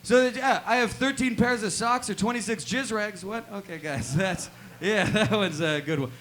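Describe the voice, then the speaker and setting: Man, stand-up comedian, awkward and rambling, high voice, live venue. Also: normal speed, a bit bright. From Canada. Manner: rambling, awkward, repeats "check it out" and "right?" between jokes. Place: live music venue with audience.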